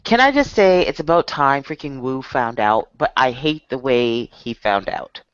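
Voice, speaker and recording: A woman co-hosting a casual podcast, blunt and exasperated and quick to swear. Her pitch swings widely as she talks. The audio is dry and a little muffled. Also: animated, smooth, no room sound. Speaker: podcast co-host. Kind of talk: casual chat.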